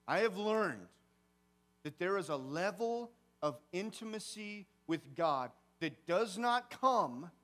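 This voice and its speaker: A man pastor preaching a sermon, telling a personal story with big swings from hushed to loud. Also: high-pitched. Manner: animated storytelling, swings from quiet to shouting. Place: church sanctuary.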